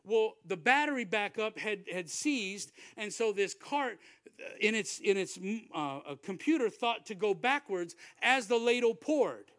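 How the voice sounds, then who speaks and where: A middle-aged man preaching from a pulpit, telling a story in a conversational way, repeating words and often dropping to a hushed tone. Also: high-pitched, expressive, unhurried, no room sound, studio quality. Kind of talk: sermon storytelling. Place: church.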